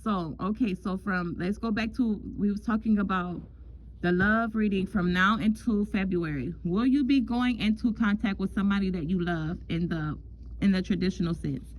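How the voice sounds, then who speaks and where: A woman talks through a casual love reading as a tarot reader, at an everyday middle pitch. She is chatty and loose, often repeating herself and calling the listener "girl". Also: moderate pace, a little hiss or hum, low-quality recording.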